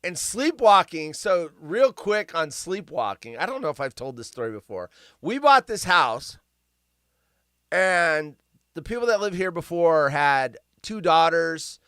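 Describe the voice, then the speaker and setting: A man's voice: a little high, very animated, a little slow, pushed and bright, smooth, dry recording, studio quality. A man hosting a live stream, reading news stories aloud and ranting about them in a rambling, sarcastic way that keeps going off on tangents. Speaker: livestream host.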